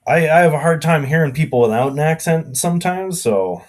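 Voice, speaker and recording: A man's voice: fairly high pitch, lively intonation, brisk. A man with a Canadian accent, a blacksmith guest chatting casually and rambling with lots of fillers on a podcast. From Alberta, Canada.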